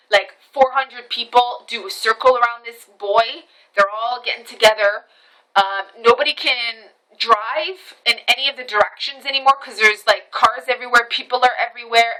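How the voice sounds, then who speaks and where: A woman with a fairly high, bright and forceful voice tells a story straight into her camera phone. She rushes and circles back, repeating herself and cursing as she retells what happened, in a casual, unscripted vlog manner. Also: rough recording. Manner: animated retelling with many restarts and repetitions, swearing. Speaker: vlogger.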